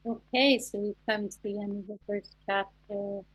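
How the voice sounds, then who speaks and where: Woman, chatty scripture teacher, video call audio, mid-pitched voice. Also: monotone, moderate pace, breathy edge, poor audio. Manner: chatty, restarts often, laughs lightly. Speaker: study group leader. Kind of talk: casual scripture study over video call.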